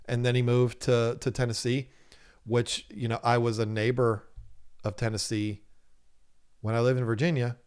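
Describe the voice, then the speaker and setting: In a casual livestream for his aquarium channel, a man reads out viewers' chat and jokes around, laughing often and talking animatedly. His mid-range voice is smooth and a little mellow, level in tone, at normal speed with long pauses.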